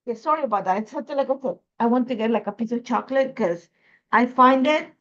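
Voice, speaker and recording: A high-voiced woman from Ecuador with a Spanish accent talks through her crafting, rambling with plenty of fillers. Her throat is irritated and she is holding back a cough. The recording is dull and lo-fi. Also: quick pace, fairly bright tone. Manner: chatty, rambling, many fillers. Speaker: crafting host. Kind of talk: casual crafting process video.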